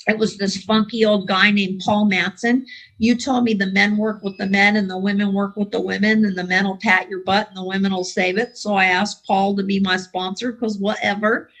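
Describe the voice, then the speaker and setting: A woman's voice: medium pitch, little pitch movement, moderate pace, a bit bright, low-quality recording. Wry middle-aged woman telling her recovery story. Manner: wry, self-deprecating humor. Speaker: AA speaker. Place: home, online meeting. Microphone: video call.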